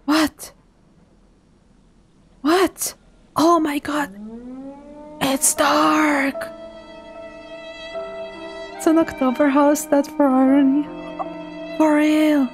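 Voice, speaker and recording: A woman's voice: high voice, level tone, extremely slow, long pauses, soft background music. A woman streamer giving live commentary on a horror game, talking to her chat and dropping to a whisper when she gets scared.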